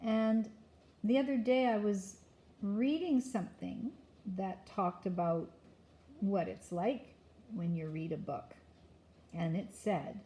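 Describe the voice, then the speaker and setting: An older woman, a grandmother, gently reading a picture book aloud to a child with chatty asides. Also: mid-range voice, slow, long pauses.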